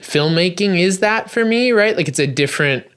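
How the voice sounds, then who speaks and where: A man hosting a podcast in a casual, animated way, peppering his speech with "like". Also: high voice, moderate pace, smooth. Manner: animated, leans on "like" as filler. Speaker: podcast host. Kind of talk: casual conversation.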